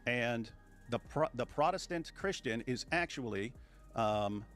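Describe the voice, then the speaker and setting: A man in a casual online discussion, talking through memes with an amused, storytelling manner. His voice sits at a middle pitch, with light music behind. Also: lively intonation, a little slow, a bit bright.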